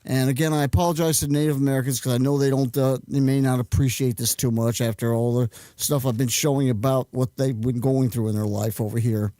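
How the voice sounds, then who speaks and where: A man's voice: medium pitch, fairly even intonation, fairly quick, hardly any pauses, dark tone, dry recording. A man hosting a show, talking in a rambling casual way and getting flustered as he fumbles with his gear. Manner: flustered, muttering while fumbling with equipment. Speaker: host.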